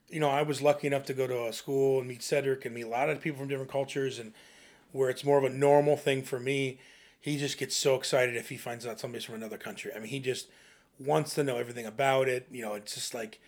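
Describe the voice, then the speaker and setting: A young man co-hosting a podcast, telling family anecdotes in a casual, animated way and often laughing. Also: mid-range voice, quick pace. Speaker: podcast co-host. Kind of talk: casual chat, storytelling.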